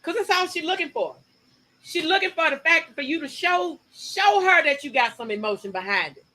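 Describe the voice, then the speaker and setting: A woman co-hosting a casual talk show, speaking, animated and emphatic, and speeding up when she makes a point. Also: sits high, normal speed, poor audio. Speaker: podcast co-host. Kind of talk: casual chat.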